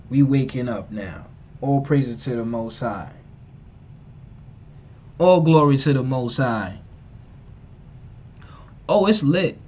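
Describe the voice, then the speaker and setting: A man's voice: medium pitch, darkish tone. A man preaching on a live stream, emphatic and repetitive, mocking and slangy. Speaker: online preacher and teacher.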